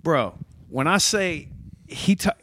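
A man, a comedy producer and comedian, in casual podcast chat, telling animated stories with a lot of swearing. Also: on the high side, takes it slowly, dry recording. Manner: profane, animated storyteller.

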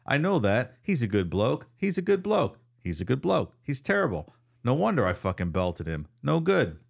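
A man voicing a gruff, rambling old Australian man with an Australian accent, muttering and repeating himself. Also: mid-range voice, big pitch swings, normal speed, voice pushed up. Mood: menacing muttering. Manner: muttering, repetitive, sing-song cackling.

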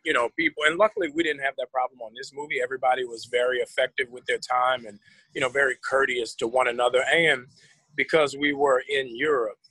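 A man in his forties, a guest in a casual interview, telling lively stories and slipping into voices for anecdotes. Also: mid-range voice, fast talker, slightly rough, dry recording, poor audio. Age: 40s. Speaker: actor guest.

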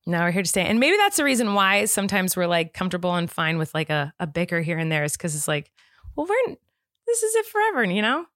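American woman, co-host, playful, lively pitch swings, dry sound. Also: dry recording. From United States. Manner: playful, animated, quick laughs. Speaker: podcast co-host. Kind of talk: casual chat.

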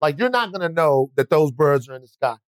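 A man's voice: a little high, sing-song, fairly quick, no echo. Man, podcast host, rambling, profane, dry close mic. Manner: rambling, restarts often, profane. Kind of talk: casual podcast chat.

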